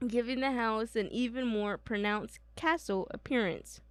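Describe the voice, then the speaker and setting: A woman's voice: on the high side, moderate pace, clean tone, no room sound. A young woman co-hosting a casual podcast, reading history notes, giggly and stumbling over names. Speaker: podcast co-host.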